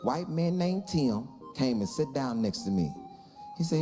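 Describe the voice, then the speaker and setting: A man's voice: fairly high pitch, normal speed, gravelly, music in the background. A man performing stand-up comedy, telling a story and acting out the people in it in exaggerated voices. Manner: animated, acts out dialogue in exaggerated voices.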